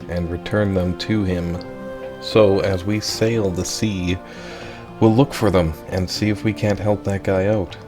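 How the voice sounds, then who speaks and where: A man hosting a let's play, casually reading game text and thinking aloud with relaxed asides. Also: sits low.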